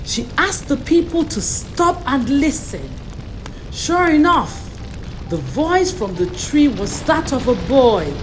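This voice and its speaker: A woman narrating a bedtime storybook in a slow, expressive reading voice. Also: sits high, music in the background.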